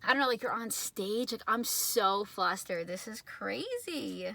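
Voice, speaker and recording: A young adult woman giving a casual tarot reading indoors, excitable and chatty, shaky and nervous. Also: medium pitch, measured pace, gravelly, slight background noise. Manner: excitable, chatty, many filler words. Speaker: tarot reader.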